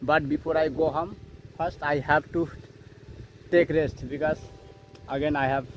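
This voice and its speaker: A man's voice: fairly high pitch, fairly even intonation, measured pace, long pauses, noisy background. A young man vlogging outdoors from his farm fields, narrating in simple, plain learner's English and now and then short of breath. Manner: simple learner's English, repeats "as you can see". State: out of breath at times. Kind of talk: casual vlog narration while farming.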